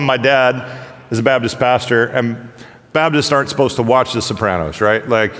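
A man preaching a casual, humorous sermon, telling stories in a loose, animated way. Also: medium pitch. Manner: conversational, joking, animated storytelling. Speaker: pastor. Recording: long hall reverb.

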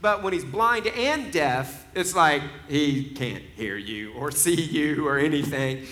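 A man's voice: a little high, expressive, takes it slowly. A man in his forties preaching a sermon, telling stories in a conversational way. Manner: conversational storytelling, rising to loud laughing emphasis. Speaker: pastor.

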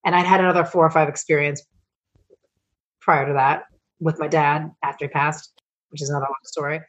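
A middle-aged woman, a coach and founder, telling personal stories as a podcast guest, emotional and swearing freely as she rambles with quick restarts. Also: deep voice, steady tone, muffled recording. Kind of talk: candid storytelling interview.

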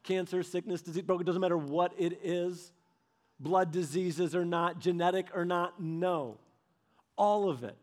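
A man preaching a sermon, telling stories with animated delivery and acting out quoted voices. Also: sits high, measured pace.

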